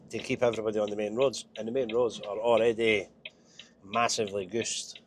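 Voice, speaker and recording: Driving his truck, a Scotsman nursing a head cold records a casual vlog, his nasal voice lowish, fairly quick and fairly even in intonation. He chats wryly and mocks himself, with background noise filling the cab.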